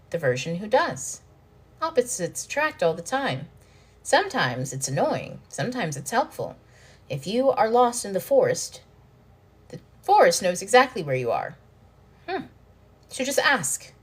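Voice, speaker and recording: A woman's voice: fairly low pitch, animated, normal speed. A woman hosting a self-help channel, giving casual spiritual coaching in a loose, profane way and acting out little inner dialogues.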